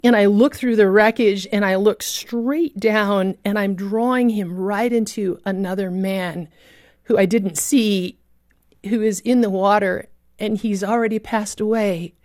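A woman tells a personal story as an earnest testimony, her voice sitting at an ordinary middle pitch. The sound is dry and close, with no room around it. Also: fairly even intonation, unhurried, no room sound. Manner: earnest storytelling with vivid reenacted shouts. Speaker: guest telling a personal story. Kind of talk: emotional testimony.

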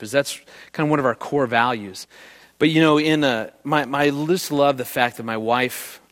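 A middle-aged man giving a presentation on marriage, telling stories with energy and asking the audience questions. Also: medium pitch. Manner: animated storyteller who quizzes the audience. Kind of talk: live talk to an audience.

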